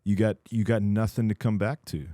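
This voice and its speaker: Guy with a deep warm voice, thoughtful podcast talk, explains stuff slowly. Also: little pitch movement, dry recording, studio quality. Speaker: podcast co-host, coach. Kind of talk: casual podcast discussion.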